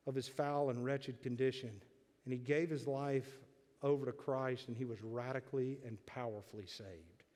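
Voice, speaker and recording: High-voiced male preacher in reverberant church. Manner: dramatic storyteller, builds to emphatic declarations. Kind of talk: sermon. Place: church sanctuary.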